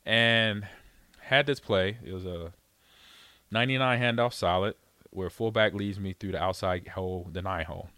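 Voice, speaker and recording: A man's voice: deep voice, normal speed, no room sound. A middle-aged man, a former pro football player, telling a story in a casual way, acting out the voices of others and laughing often. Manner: animated, acts out quoted voices, laughs often.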